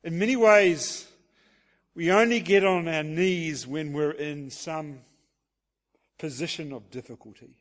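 A New man gives a sermon in a storytelling way, often restarting and saying "sort of". His voice sits a little high for a man. The sound carries a long hall reverb. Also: a little slow. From New Zealand. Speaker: preacher.

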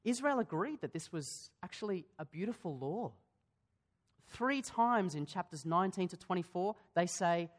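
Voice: medium pitch, animated, normal speed. A pastor preaching a sermon in a church, in a conversational way, asking the congregation questions and often restarting his sentences.

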